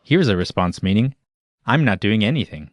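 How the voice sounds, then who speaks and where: A man giving scripted, even-toned instructional narration for a language lesson. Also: lowish voice, normal speed, dry recording. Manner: even, explanatory, announcer-like.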